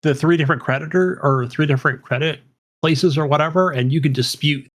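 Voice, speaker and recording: A man's voice: on the high side, fairly quick. A man co-hosting a podcast, talking in an easygoing, laid-back way with many fillers. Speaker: podcast co-host. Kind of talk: casual podcast chat.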